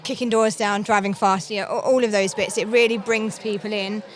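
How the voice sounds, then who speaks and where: A middle-aged English woman with a London accent, talking as an interview guest, friendly and quick to laugh. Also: mid-range voice, steady tone, faint music behind. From England. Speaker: guest, founder of a police dyslexia network. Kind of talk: conversational interview. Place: conference floor.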